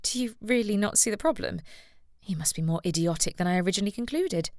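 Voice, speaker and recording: A woman's voice: medium pitch, lively intonation, fast talker, a little mellow, dry recording, voice pushed up, close to an everyday voice. Witty young lady, voiced by the woman narrator; tart, lifted and half-whispered, dry. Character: sharp-tongued young lady with freckles. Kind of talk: audiobook narration.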